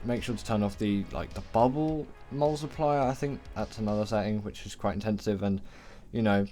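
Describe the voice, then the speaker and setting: A man's voice: lowish voice, darkish tone. A man giving casual, rambling video game commentary, often correcting himself mid-sentence as he ranks creatures.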